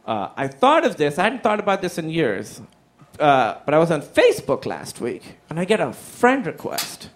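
A man telling a stand-up comedy story, animated and profane, acting out the people in it with silly voices. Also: on the high side, moderate pace. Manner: animated, acts out quotes in silly voices, swears freely.

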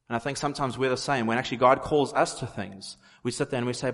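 A man's voice: mid-range voice, fairly even intonation, fast, few pauses, a bit bright. A man preaching a sermon in an earnest way, repeating phrases for emphasis. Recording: long hall reverb.

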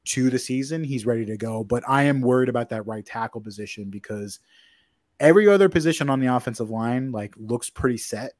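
A man's voice: medium pitch, fairly quick, a little mellow, no echo, studio quality. A man co-hosting a sports podcast, talking casually with lots of fillers and restarts. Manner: rambling, filler-heavy, self-correcting. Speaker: podcast co-host.

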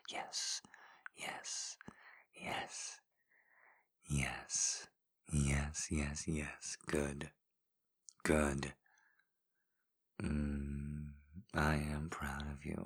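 A man in a whispered role-play, giving slow, coaxing encouragement with repeated phrases in a deep, husky whisper. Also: little pitch movement, fairly bright tone. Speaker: intimate audio performer.

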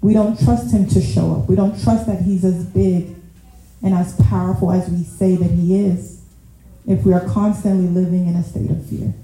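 A woman's voice: fairly low pitch, flat delivery, normal speed, mellow, a little hiss or hum. A woman giving a casual, conversational sermon, chatty, calling the audience y'all and often laughing at herself. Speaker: preacher. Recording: very echoey room.

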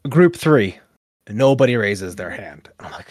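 A man's voice: fairly low pitch, sing-song, measured pace, a little mellow, dry recording, studio quality. A man, co-hosting a podcast and telling a long casual story full of fillers and quoted asides. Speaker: podcast co-host.

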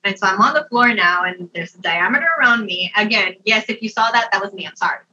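Young woman chatting thru a story, laughs a lot, bright higher voice, kinda far off dull mic. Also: quick pace, slight background noise. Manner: animated, laughs often, many "like" fillers. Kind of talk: casual personal storytelling. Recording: dull, distant mic sound.

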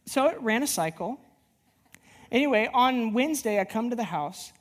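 An extremely high-pitched man speaking at normal speed leads a church plant and preaches a sermon. He tells a personal story with animated energy, rambling and restarting many times, and long hall reverb surrounds him.

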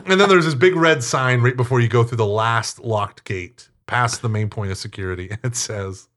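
A man being interviewed, telling stories in a talkative, animated way and acting out quoted speech. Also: mid-range voice, moderate pace. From United States. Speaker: interview guest, Catholic teacher. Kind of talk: casual storytelling interview.

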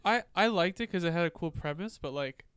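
A man's voice: high-pitched, animated, fairly quick, a bit bright, clean tone, no room sound, clean studio sound. A congested man, recovering from nasal surgery, co-hosting a casual movie review and rambling through his opinions. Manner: rambling, lots of "like" fillers. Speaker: podcast co-host.

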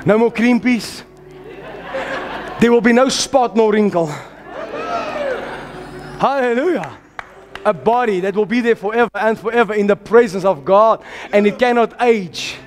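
A man preaching with a very high voice, fervent and exhorting, rising to shouts as he drives his sermon forward. He calls out lines for the congregation to echo back. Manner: calls on the congregation to repeat after him.

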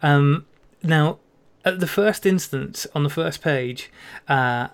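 A man's voice: a little high, slow, clean tone. A man hosting a casual podcast chat, thoughtful and rambling, with many restarts. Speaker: podcast host.

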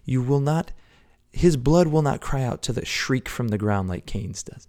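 A man preaching a devotional podcast sermon, earnest, swinging between loud exhortation and hushed whispers. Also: medium pitch, animated, normal speed, few pauses.

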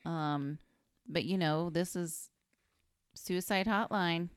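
A woman co-hosting a podcast in casual movie recap chat, chiming in with quick reactions and laughs. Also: on the low side, smooth, dry recording, studio quality. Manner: chimes in with quick reactions and laughs, sometimes quoting characters. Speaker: podcast co-host.

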